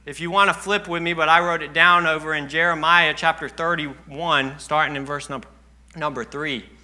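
A man's voice: on the high side, fairly even intonation, normal speed, pushed and bright. A young man preaching a sermon in a church, telling earnest personal stories, at times choked up.

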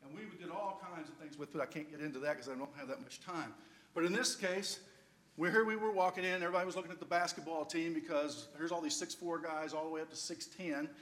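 Older man telling a lively sermon story. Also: on the high side, quick pace. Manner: lively storyteller, playful humor. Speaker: preacher.

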